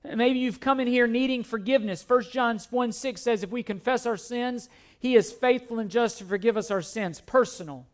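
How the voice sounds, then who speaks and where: High-voiced man preaching a sermon. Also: moderate pace. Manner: repetitive, emphatic preaching with scripture quotes. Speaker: pastor.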